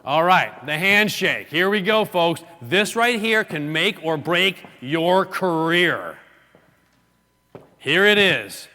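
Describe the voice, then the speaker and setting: Speaking slowly in a high-pitched voice, a man presents a live real estate seminar. He teaches as an animated storyteller who acts out gestures and quotes, and long hall reverb fills the recording.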